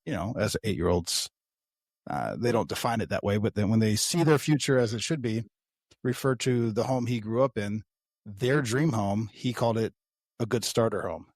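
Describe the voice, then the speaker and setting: A man co-hosts a casual podcast and wanders through long personal stories, dropping the odd curse and laughing at his own jokes. His voice sits a little low. The sound is dry and close. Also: no room sound. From United States. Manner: rambling storyteller, casual swearing. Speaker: podcast co-host.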